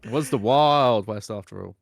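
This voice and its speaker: A man's voice: lowish voice, moderate pace, creaky, no room sound. Laid-back male co-host trading amused asides on a game stream; dry recording. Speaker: co-commentator. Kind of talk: casual game-stream commentary.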